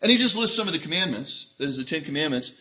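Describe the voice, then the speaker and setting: A man preaching a sermon in an animated way, acting out the voices of people in the story he tells. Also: a little high, fast. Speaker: pastor.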